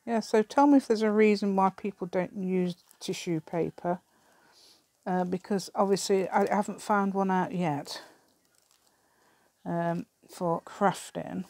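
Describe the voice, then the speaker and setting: A woman's voice: mid-range voice, steady tone, measured pace, darkish tone, no room sound. A middle-aged woman with an English accent chats casually while crafting at her table, rambling, thinking aloud and often laughing. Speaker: craft vlogger. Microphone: camera on the table.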